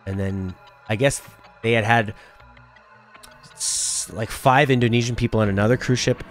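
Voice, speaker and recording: A man's voice: fairly low pitch, steady tone, normal speed, faint music behind. A man streaming a game with a friend, chatting and telling a story, sometimes reading the game's lines aloud in playful voices. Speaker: let's play streamer. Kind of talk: casual gameplay chat, reading game dialogue aloud.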